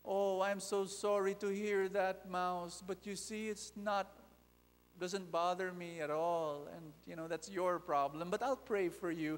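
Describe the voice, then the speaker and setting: A man's voice: sits high, fairly even intonation, unhurried, pitched above the performer's own voice. A male preacher voicing a smug, indifferent chicken in a sermon fable, with breezy, dismissive sympathy. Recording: long reverb of a large hall.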